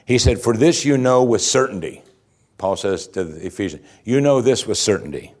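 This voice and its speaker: Animated preacher, a man with a lowish voice. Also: normal speed. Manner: animated, rising to emphatic peaks, chuckling asides. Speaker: pastor. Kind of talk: sermon.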